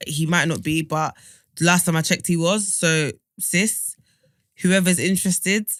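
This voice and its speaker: A young man co-hosting a podcast, chatting in an animated, slangy way and reading listener messages aloud. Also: high-pitched, unhurried, no echo. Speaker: podcast co-host. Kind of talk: casual chat.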